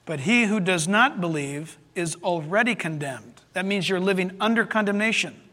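A pastor with a high, bright voice delivers a sermon at normal speed, sounding expressive and emphatic. He throws rhetorical questions out to the congregation. A long hall reverb surrounds his voice.

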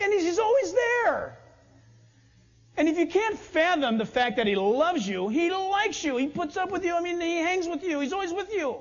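At a normal speed, a pastor delivers a lively sermon, staging little dialogues as his pitch leaps about. The man's voice is high with a slight huskiness, and the recording is dull and lo-fi.

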